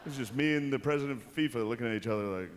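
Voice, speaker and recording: A man's voice: medium pitch, racing, a little hiss or hum. A man doing a stand-up monologue as an awards show host, delivering dryly and slipping into exaggerated impressions on a large arena stage. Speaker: comedian hosting an awards show.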